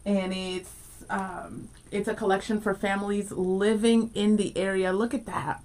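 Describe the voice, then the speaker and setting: A woman's voice: medium pitch, little pitch movement, unhurried, a little mellow, far from the mic, low-quality recording. A woman co-hosting a morning radio show, chatting in a bubbly, enthusiastic way with lots of fillers. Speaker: radio co-host. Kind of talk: casual radio chat.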